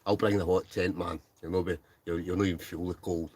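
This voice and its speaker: A relaxed, talkative Scottish man hosts a livestream from inside a tent, laughing often as he reads viewer comments aloud. His low, deep voice is a little husky and runs slightly fast.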